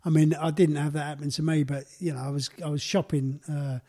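A podcast host with a mellow, slightly high voice. He chats casually and reflectively and often restarts his sentences as he gathers his thoughts. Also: flat delivery, brisk. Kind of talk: casual chat.

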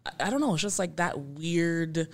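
A series writer talking as a podcast guest, relaxed and a bit hesitant, with many "like"s. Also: medium pitch, moderate pace. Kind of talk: casual interview chat.

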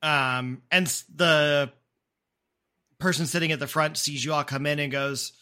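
A man's voice: fairly high pitch, fairly even intonation, a little slow, bright, forceful tone. A man running a tabletop role-playing game as game master, narrating casually with many fillers.

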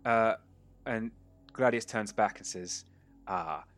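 A man narrating as game master of a tabletop role-playing game, relaxed and storytelling, with many fillers. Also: lowish voice, moderate pace, faint music behind.

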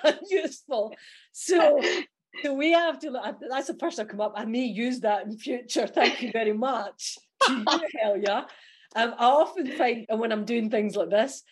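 Scottish female coach, guest in a casual podcast interview, energetic and laughing often. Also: a little high, breathy edge. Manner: lively, laughs often while explaining.

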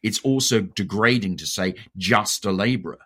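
A man's voice: on the low side, moderate pace, fairly bright tone, husky. A man with an English RP accent in a conversational discussion, thoughtful and often searching for words.

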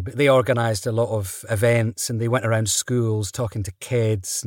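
A man, an actor guest, telling stories in a relaxed interview, chatty and quick to laugh. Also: lowish voice, no echo, clean studio sound. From Britain. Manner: chatty, laughs often, restarts mid-sentence.

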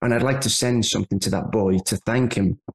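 A man's voice: on the low side, steady tone, a little fast. A middle-aged man from England, a podcast guest telling a story in a rambling, casual way with frequent asides. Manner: rambling, with many "anyway" asides and restarts.

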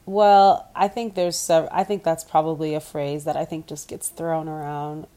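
Congested low-voiced woman podcaster. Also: level tone, normal speed, dark tone. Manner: chatty, acts out quotes with laughs. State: stuffy nose, congested. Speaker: podcast co-host. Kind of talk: casual chat. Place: resort room. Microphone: video call.

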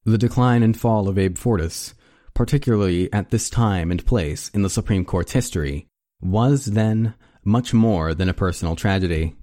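A man reading a nonfiction history book aloud as an audiobook narrator, in a measured tone. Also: fairly low pitch, dry recording, clean studio sound. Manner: measured, reads quotations in an even tone.

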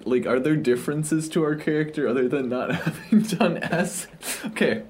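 A man's voice: on the high side, normal speed, darkish tone. A man co-hosting a casual podcast, tossing in dry, wisecracking quips. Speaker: podcast co-host. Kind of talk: casual chat.

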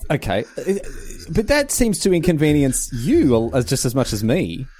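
A man's voice: medium pitch, very animated, a little mellow, husky. A man hosting a podcast, joking and bantering with his co-host in casual chat. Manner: jokey, quick back-and-forth banter.

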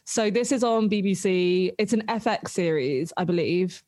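A young woman hosting a pop culture podcast, gushing and excitable, quick to laugh in casual chat. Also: lowish voice, dry recording, studio quality. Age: young adult. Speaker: podcast host.

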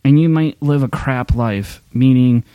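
A man's voice: medium pitch, measured pace, clean tone, dry recording, dull audio. A middle-aged man pastor giving a casual, candid sermon talk, rambling with restarts and fillers.

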